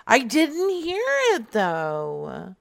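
A woman's voice: mid-range voice, very animated, drawn-out words, vocal fry. A young adult woman making a prank phone call, brash and teasing, laughing often. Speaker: prank caller.

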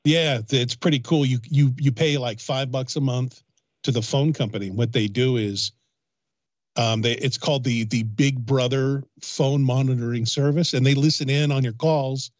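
Male host, deadpan sarcastic, dry and slightly muffled. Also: medium pitch, moderate pace, no room sound. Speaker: radio prank caller. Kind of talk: comedic phone bit.

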